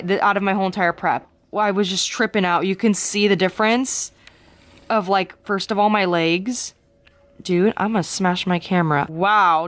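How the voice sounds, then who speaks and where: A young woman vlogging at home about her competition prep, chatty and bubbly, talking into a handheld camera and often saying "dude". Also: medium pitch. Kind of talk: casual vlog chat.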